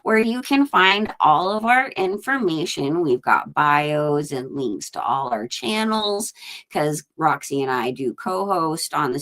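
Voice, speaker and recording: Slow, low-voiced Californian woman. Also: a bit bright. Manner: chatty, says like a lot. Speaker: co-host. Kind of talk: casual chat. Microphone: video call.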